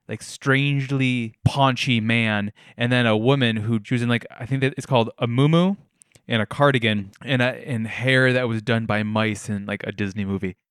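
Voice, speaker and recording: A young man hosts his podcast alone from his living room and tells stories with wry, self-mocking humor. His voice sits at an ordinary middle pitch. The sound is dry and close, with no room echo. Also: clean tone. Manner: wry, self-deprecating storyteller. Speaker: podcast host. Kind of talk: casual solo podcast chat.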